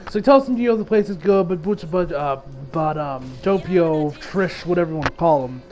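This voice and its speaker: High-pitched male anime reviewer, loose and rambling, quick to laugh. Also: music in the background, low-quality recording. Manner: rambling, frequent restarts, laughs often. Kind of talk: casual episode review.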